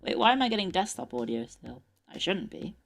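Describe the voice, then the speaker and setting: A woman's voice: on the low side, big pitch swings, fairly quick, vocal fry, soft background music. A young adult woman streamer chatting casually, swearing and laughing often. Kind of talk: casual live-stream chat. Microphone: desk mic with earbuds.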